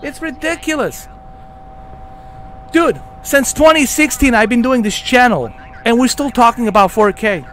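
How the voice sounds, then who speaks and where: A man's voice: very high-pitched, animated, normal speed, a bit bright, a little hiss or hum. A man hosting a gaming channel, delivering a heated, profanity-filled rant with emphatic repetition.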